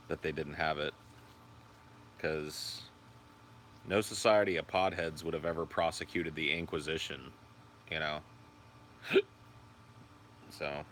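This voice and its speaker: Deep bright-toned man chatting on a stream. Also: a little hiss or hum. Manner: rambling, profane, answers viewer comments; high sing-song baby talk to his dog. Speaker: livestream host. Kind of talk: casual livestream chat.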